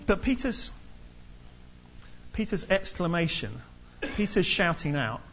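A man preaching a sermon in a lively storytelling manner, acting out the people in the story. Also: sits high, slow pace, dull audio, slight background noise. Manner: lively storytelling, acts out characters.

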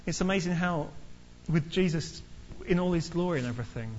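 A man preaching a sermon in a lively storytelling manner, acting out the people in the story. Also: a little high, a little fast, lo-fi sound, a little hiss or hum. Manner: lively storytelling, acts out characters.

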